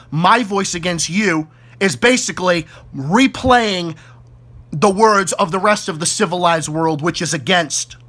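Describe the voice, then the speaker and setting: A man with a Boston accent rants furiously into the camera, swearing and hammering the same insults again and again. His voice sits a little high and comes out hard and forceful. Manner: furious, profane, repetitive insults. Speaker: YouTube ranter. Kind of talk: angry direct-to-camera rant.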